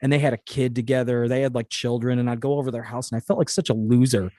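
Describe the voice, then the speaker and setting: Fast-talking host with a slight Boston accent. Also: male voice, medium pitch, level tone, dark tone, no room sound, clean studio sound. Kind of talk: casual interview chat.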